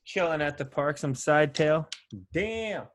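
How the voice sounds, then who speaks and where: A man's voice: medium pitch, expressive, brisk, dry recording, clean studio sound. A man hosting a casual reading club chat, joking and swearing, often restarting his sentences. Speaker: book club host.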